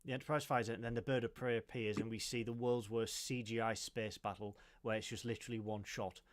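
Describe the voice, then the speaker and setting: A man co-hosting a casual film review podcast, animated as he retells scenes and quotes lines. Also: lowish voice, fast talker. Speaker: podcast co-host.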